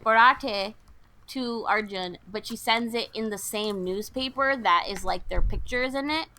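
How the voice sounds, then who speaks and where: A woman's voice: on the high side, measured pace, sharp tone, a little hiss or hum. A young woman co-hosting a podcast, casually retelling a film's plot and acting out the characters' lines. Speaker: podcast co-host. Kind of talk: casual chat recapping a film.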